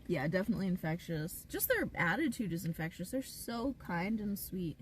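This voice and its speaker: A woman's voice: fairly low pitch, sing-song, normal speed, recorded from a distance, slight background noise. Chatty woman streaming from her car. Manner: chatty and rambling, heavy use of "like". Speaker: live streamer. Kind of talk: casual live-stream chat. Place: inside a parked car.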